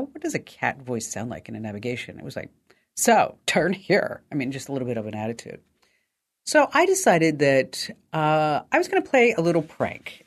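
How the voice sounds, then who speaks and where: A cheerful woman with a low voice hosts a call-in tech radio show, talking quickly and lightly as she shifts from chatty tips into a breezy sponsor read.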